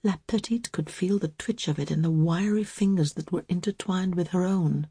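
A woman reading a story aloud as narrator, slow, calm and measured. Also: lowish voice, breathy edge, no echo, clean studio sound.

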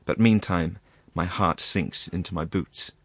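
A man reading a halting, embarrassed country doctor. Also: low-pitched, breathy edge, no echo, full character voice. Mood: rueful. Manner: halting, hesitant, full of asides. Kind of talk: audiobook reading.

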